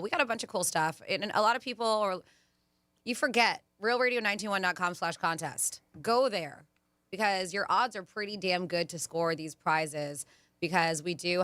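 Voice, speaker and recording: A woman hosting a radio show, chatting casually and reading out event deals with quick asides. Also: lowish voice, bright, forceful tone, dry recording. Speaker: radio host.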